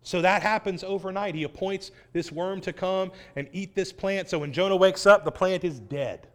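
High-voiced man preaching a lively sermon. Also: moderate pace. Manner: animated, wry, acts out quoted voices.

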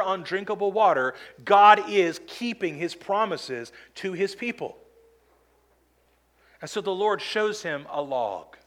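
A man's voice: on the high side, a bit bright. A man preaching a sermon as pastor, earnest and emphatic, acting out quoted complaints now and then.

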